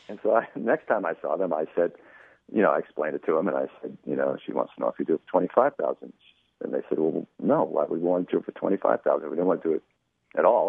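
A man with a very deep voice speaks as an interview guest over a tinny phone connection. He talks in a chatty, anecdotal way, acting out quoted exchanges and filling pauses with "you know". The sound is dry and close. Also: gravelly, breathy edge, dry recording. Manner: chatty storyteller, acts out quoted dialogue, many "you know"s. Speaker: producer of a radio show.

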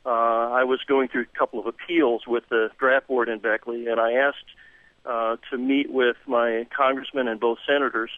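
A man's voice: mid-range voice, level tone, normal speed, no echo. Caller man, plain storyteller, tinny phone, dry. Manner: storytelling, direct. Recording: phone line.

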